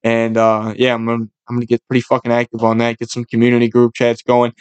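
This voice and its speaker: A man's voice: medium pitch, completely flat delivery, quick pace, clean tone, no room sound. A man hosting a casual podcast, joking around and swearing loosely. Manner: profane, joking, loose banter. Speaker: podcast host.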